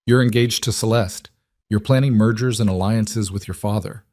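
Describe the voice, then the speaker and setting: A proud, wary pregnant young woman, bitter and defiant in every word, as a man reads her part. The voice sits fairly low and sounds dry and close. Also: steady tone, moderate pace, darkish tone, no echo, close to an everyday voice.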